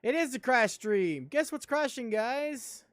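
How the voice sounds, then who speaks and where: A man's voice: very high-pitched, expressive, unhurried, a bit bright, no room sound, clean studio sound. A man streaming a video game live, chatting in a joking, rambling way. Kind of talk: casual live-stream chat while gaming.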